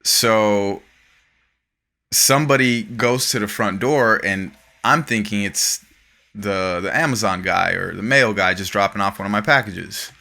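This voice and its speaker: A man hosting a podcast, telling an animated, profane story in casual chat. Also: fairly low pitch, a little slow, creaky. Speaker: podcast host.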